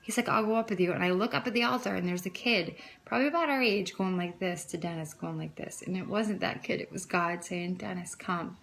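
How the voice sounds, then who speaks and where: A vlogger talks casually into the camera in a lowish, slightly bright voice with vocal fry, speaking briskly with hardly any pauses. Her faith testimony is emotional and rambling, full of "I'm like" as she quotes herself and others.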